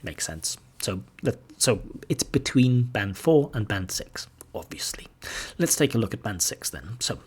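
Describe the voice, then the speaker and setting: A man with a somewhat low, husky voice gives a patient, explanatory lesson as a language examiner. He reads example sentences aloud to show the points he is making. His tone stays calm and instructive throughout. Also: measured pace, whispered. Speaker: IELTS examiner teaching pronunciation.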